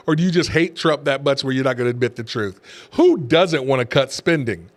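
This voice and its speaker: A man's voice: mid-range voice, animated, a little fast, few pauses. A man, a pastor hosting a show, giving emphatic political commentary to camera, repeating his points with scornful asides. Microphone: camera facing speaker.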